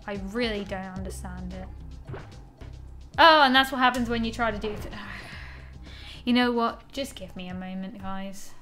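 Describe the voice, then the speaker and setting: A woman's voice: on the high side, a bit bright. A young woman giving casual gameplay commentary, exasperated, swearing often and talking to herself. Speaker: gaming channel host.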